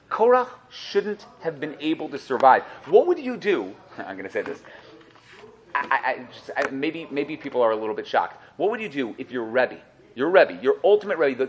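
A man teaching a Torah class to listeners, storytelling and joking as he goes and acting out the voices in his stories. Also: mid-range voice. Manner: lively storytelling, acts out voices, jokes with listeners.

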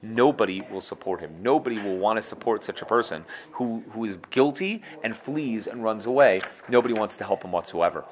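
A man teaching a casual Torah lesson at a quick clip. His voice sits on the low side, and he acts out his students' excuses in different voices and laughs at his own jokes. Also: animated, a little hiss or hum. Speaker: yeshiva teacher.

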